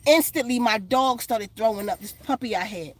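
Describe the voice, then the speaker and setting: A woman's voice: a little high, normal speed, soft background music. A woman vlogger telling a story in casual, blunt, profane street slang, outdoors in the sun.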